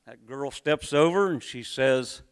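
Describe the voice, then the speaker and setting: A man telling a comic story to an audience with drawn-out, deadpan delivery. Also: medium pitch, clean tone. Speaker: contestant storyteller.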